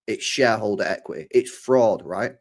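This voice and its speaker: A man's voice: on the low side, normal speed. A man hosting a live football stream, swearing freely and acting out imagined conversations. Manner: swears freely, animated, acts out imagined dialogue. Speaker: football channel host.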